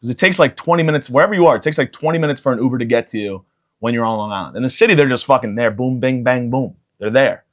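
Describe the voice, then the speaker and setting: A man in his thirties hosting a comedy podcast, rambling through a profane solo monologue and jumping into loud excited bits. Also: medium pitch, quick pace. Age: 30s. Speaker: podcast host.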